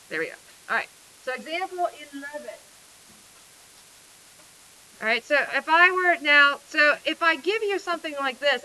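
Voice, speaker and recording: Bright, high-voiced woman math teacher. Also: a little hiss or hum, poor audio. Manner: asks questions and answers them herself; casual, chatty explaining. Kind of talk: classroom math lecture.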